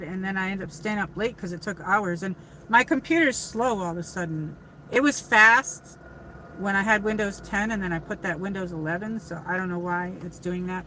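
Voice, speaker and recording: A woman's voice: fairly low pitch, sharp tone, slight background noise, low-quality recording. Chatty woman livestreaming from her car. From upstate New York. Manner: rambling, chatty, many fillers and restarts. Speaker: livestream host. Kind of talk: casual livestream chat.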